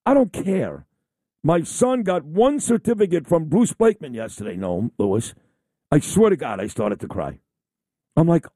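Middle-aged male radio host, boastful rambler, animated pitch, dry close sound. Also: moderate pace, dry recording. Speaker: radio talk show host. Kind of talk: casual on-air chat.

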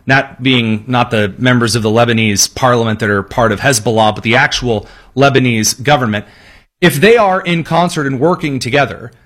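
A man's voice: mid-range voice, a bit bright. A man delivering a political commentary monologue, sarcastic, with long listing sentences.

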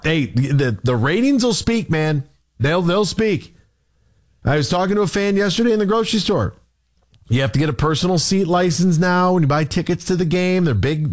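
A man hosting a morning sports radio show, ranting in exasperation with rapid rhetorical questions. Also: high-pitched. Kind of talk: heated talk radio rant.

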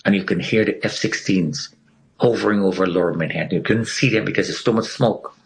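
A man's voice: low voice, brisk, vocal fry, a little hiss or hum. A man telling a personal story as an interview guest, acting out what other people said. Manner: animated storyteller who acts out the dialogue of others.

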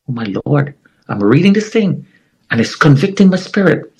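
A middle-aged man giving an earnest, emotional personal testimony as an interview guest, with dramatic pauses. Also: fairly high pitch, big pitch swings, a little mellow, husky, low-quality recording.

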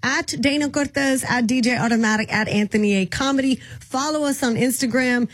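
Middle-aged female radio host, outspoken, emphatic, husky voice, dry studio sound. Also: high voice, a little fast, no echo. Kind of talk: radio talk show.

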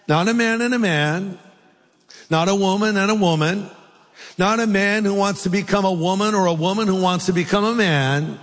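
A man preaching an animated, joking sermon as a pastor in a large church hall. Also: high-pitched, moderate pace. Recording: long hall reverb.

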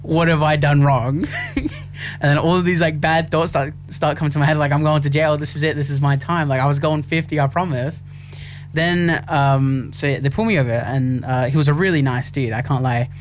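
A young man co-hosting a radio show, telling a story with animated energy and frequent laughs. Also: on the high side, moderate pace, a little hiss or hum. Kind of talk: casual chat. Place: small radio studio.

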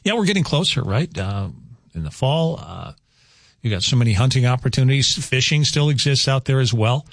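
A man's voice: mid-range voice, lively intonation, a little fast, gravelly, no room sound, studio quality. A man hosting a morning radio show, talking casually with lots of fillers and offhand jokes. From North Dakota. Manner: chatty, rambling, jokey with filler words. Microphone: studio microphone.

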